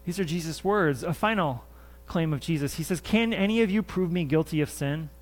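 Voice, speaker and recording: A male pastor preaching to his congregation in a church. He speaks in an earnest, conversational way and circles back over his own phrases for emphasis. His voice sits a little higher than most men's. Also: fairly quick. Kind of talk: sermon. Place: church sanctuary.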